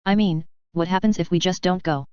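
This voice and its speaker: A woman's voice: fairly low pitch, fairly even intonation, fairly quick, a little mellow, clean tone, no echo, lightly acted. A woman voicing a fierce young girl who warns with urgent intensity, in a dull, dry recording. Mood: skeptical. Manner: intense, near-shrieking warnings.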